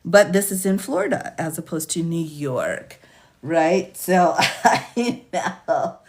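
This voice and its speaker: A woman attorney hosting a casual livestream, reading out charges and sentences quickly, chatting with viewers by name and laughing often. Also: lowish voice, expressive, a little mellow. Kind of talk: casual livestream commentary reading case lists.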